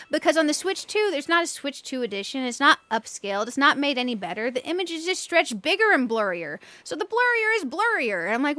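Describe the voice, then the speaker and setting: A woman's voice: high-pitched, sharp tone. A woman streaming a video game, chatting casually, reading chat aloud and ranting playfully with frequent giggles. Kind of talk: casual live-stream chat while gaming.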